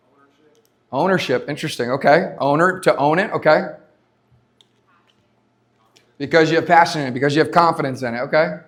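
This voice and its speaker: A man giving an energetic motivational talk to a live audience at a leadership summit, repeating his points and asking the crowd questions. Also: fairly high pitch. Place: conference stage before a live audience.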